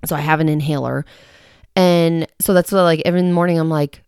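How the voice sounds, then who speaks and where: Low-voiced woman rambling on her own podcast, a bit short of breath, dry close sound. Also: fast, a little mellow, smooth, no echo. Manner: rambling, chatty, self-mocking. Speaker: podcast host. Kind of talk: casual solo podcast chat. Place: quiet home in the early morning.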